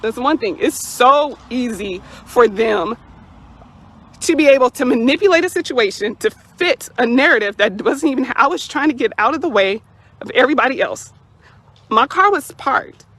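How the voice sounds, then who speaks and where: A woman's voice: fairly high pitch, expressive, normal speed, a bit bright. A young woman telling her own story to the camera, indignant and emphatic, repeating words for stress. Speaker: mother recounting a police encounter. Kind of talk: personal account to camera.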